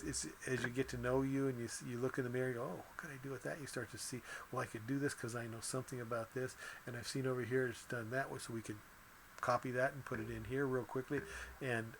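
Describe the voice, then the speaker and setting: Guy rambling thru a casual lesson, keeps restarting, chuckles a lot, normal pitch, little bit of hiss in back. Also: a bit bright. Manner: rambling, self-correcting, chuckles often. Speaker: teacher. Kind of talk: casual lecture.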